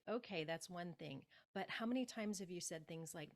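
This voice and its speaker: A woman speaking as a public speaking coach in an interview, giving emphatic, animated advice and acting out example phrases. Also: lowish voice, fairly quick, hardly any pauses.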